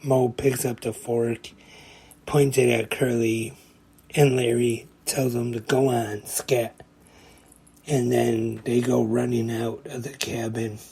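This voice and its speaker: A man's voice: medium pitch, flat delivery, vocal fry, warm tone, husky. A man hosting a podcast, retelling a comedy short scene by scene in a plain, casual way. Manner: slow, plain play-by-play retelling. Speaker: podcast host.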